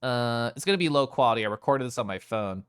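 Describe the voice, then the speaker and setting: A man's voice: mid-range voice, animated, fast talker, a bit bright, smooth. A man streaming, chatting casually and playfully with his chat, often giggling.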